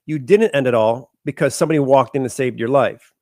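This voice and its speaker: A man's voice: medium pitch, brisk, darkish tone, no room sound. Direct male podcast host in a dry room. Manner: direct, probing questions. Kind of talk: interview podcast.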